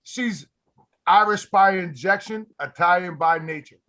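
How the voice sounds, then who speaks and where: Male host, high voice, animated storyteller acting out quotes in casual banter. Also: unhurried. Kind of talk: casual group chat.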